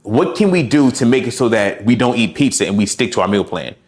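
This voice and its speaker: A man's voice: medium pitch, animated, fairly quick, a little mellow. A man working as a fitness coach, giving direct, encouraging advice and talking through examples. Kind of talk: coaching session.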